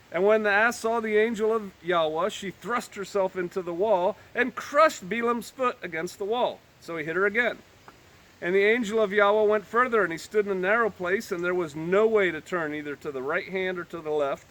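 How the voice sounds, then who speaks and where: A man's voice: sits high, fairly bright tone. A man reading old-fashioned scripture aloud and breaking off into joking, everyday asides as a Bible teacher. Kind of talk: scripture reading with casual commentary.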